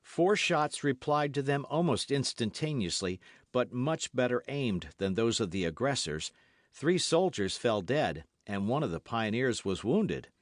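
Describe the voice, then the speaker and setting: A man narrating a classic novel as an audiobook, in an expressive, measured storytelling manner. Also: mid-range voice, dry recording, clean studio sound. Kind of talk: scripted narration.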